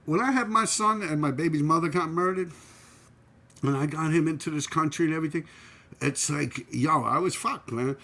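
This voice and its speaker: A middle-aged New York man tells old neighborhood stories in a loose, streetwise way, with "man" and "yo" in nearly every line. His voice is gravelly and sits a little high for a man. He swears freely and laughs along with his own tales. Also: moderate pace, sharp tone. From New York City. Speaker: channel host and former graffiti writer. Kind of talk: casual storytelling.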